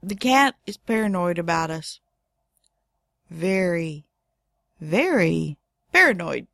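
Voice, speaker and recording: Slow, wry middle-aged woman storyteller. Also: lowish voice, gravelly, no echo, studio quality. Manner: wry, deadpan asides. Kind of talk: casual anecdote telling.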